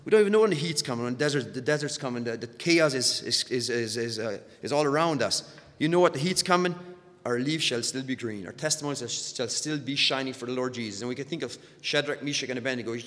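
A man preaching a sermon with a middle-pitched voice. He trips over repeated words as he builds, pushing harder on the lines he wants to land. The sound rings with a long reverb, as in a large hall. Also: a little fast. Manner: repeats words when stirred, surges louder on key points.

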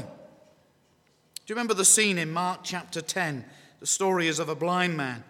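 A man's voice: on the high side, expressive, a little slow, pauses often, bright, forceful tone. A man with an English accent preaching a sermon, repeating key phrases and putting questions to his listeners. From England. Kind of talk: evangelistic sermon. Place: church hall. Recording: echoey hall with long reverb.

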